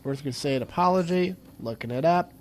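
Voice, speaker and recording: Man, let's play co-host, casual game talk, jokey trivia riffs, fairly high voice. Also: normal speed. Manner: jokey, riffing on trivia tangents. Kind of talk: casual gameplay commentary.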